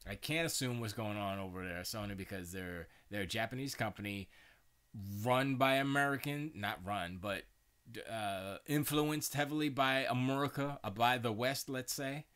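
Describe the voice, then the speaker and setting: A man's voice: medium pitch, moderate pace, fairly bright tone, smooth. A man hosting a live stream, chatting casually in a rambling way with many restarts and stammers.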